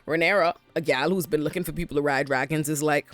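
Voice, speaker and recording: A woman's voice: low-pitched, fairly even intonation, fast, dry recording, soft background music. A woman casually recapping a TV episode, retelling scenes and acting out characters' lines with big jumps in her voice. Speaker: TV recap host.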